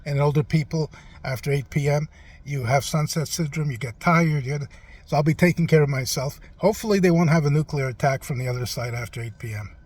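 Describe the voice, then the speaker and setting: A man playing a rambling, forgetful elderly president in a comic interview, halting and trailing off with lots of "uh". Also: a little high, darkish tone, natural voice.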